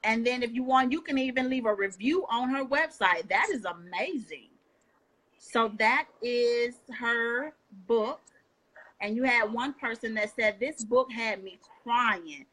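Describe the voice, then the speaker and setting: A woman hosts a casual online chat, her voice sitting a little high. She talks in a folksy, upbeat way, quick to cheer her guest on. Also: fairly bright tone. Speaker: host.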